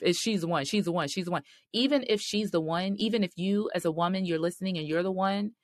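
This is a middle-aged woman hosting a marriage podcast rooted in faith, her pitch fairly low and the sound clean and studio-like without echo. Earnest and direct, she refers to listeners as "y'all" and "sis."

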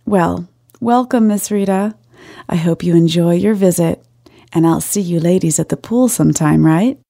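A woman's voice: lowish voice, normal speed, vocal fry, dark tone, no room sound, studio quality. A woman putting on a genial twangy southern man. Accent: Southern US (put on). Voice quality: slight twang. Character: flirty southern-charming man at a jacuzzi.

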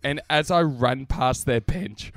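A man's voice: mid-range voice, slow, no room sound, clean studio sound. An Australian man in his twenties co-hosting a podcast, telling sports stories in casual chat with lots of laughter. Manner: animated storytelling with laughter. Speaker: podcast co-host.

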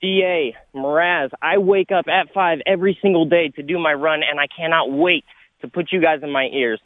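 A man calling a sports radio show from California, out of breath and arguing his points in an animated way. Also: on the high side, no echo. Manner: animated, argumentative, rapid points. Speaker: caller. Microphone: phone. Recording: tinny phone line.

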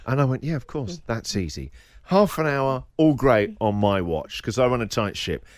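A man hosting a radio show, telling a story in a lively way and laughing as he goes. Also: mid-range voice, normal speed, dry recording, studio quality.

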